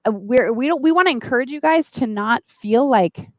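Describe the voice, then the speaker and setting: A woman's voice: a little high, expressive, normal speed, dry recording. A woman hosting a live-stream interview, talking eagerly and speaking straight to her viewers. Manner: enthusiastic, addresses viewers directly. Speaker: host.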